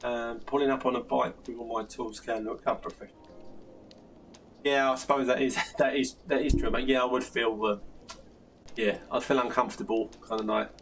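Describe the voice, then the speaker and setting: Answering plastering questions on a casual live stream, this older man from South London laughs a lot and keeps restarting his sentences. His voice is gravelly and mid-range, steady in tone, at a normal speed. The mic is a little distant, and a faint background hiss runs beneath him.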